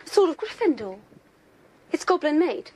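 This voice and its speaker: A bright teenage witch who lays out every detail in her high, earnest voice. She sounds precise and slightly insistent, as if sure she's right. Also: very animated, moderate pace, slight background noise. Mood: explaining. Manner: precise, explanatory, a little insistent. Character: clever teenage witch, earnest and eager to explain. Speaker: film character. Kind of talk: film dialogue.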